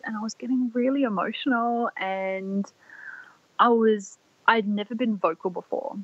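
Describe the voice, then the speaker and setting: A young Australian woman, a podcast guest, telling a personal story in a soft, rambling way full of "like" fillers. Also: mid-range voice, fairly even intonation, a little slow, no room sound. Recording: dry, slightly dull lo-fi audio.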